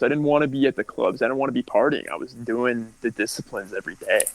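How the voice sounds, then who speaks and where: A man's voice: mid-range voice, animated, fairly quick, creaky, a bit bright, dry recording, low-quality recording. A young man from California telling his life story as a podcast guest, candid and rambling, full of likes and restarts. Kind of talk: casual storytelling.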